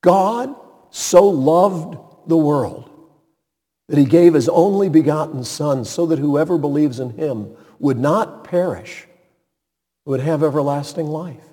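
A man's voice: fairly high pitch, takes it slowly, mellow. A man preaching a sermon, retelling a story with dramatic emphasis and sudden emphatic peaks. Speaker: pastor. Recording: reverberant hall.

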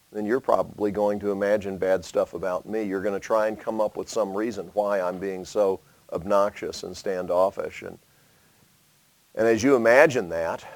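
A man preaching a sermon, asking rhetorical questions and swinging between loud emphasis and hushed asides. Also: lowish voice, dry recording.

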